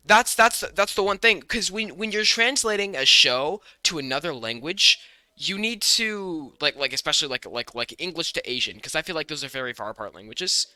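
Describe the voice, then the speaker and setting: A young American man co-hosting a podcast in casual chat, rambling with many restarts and quick bursts of speech. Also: on the high side, animated, sharp tone, clean tone, dry recording, studio quality. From United States. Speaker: podcast co-host.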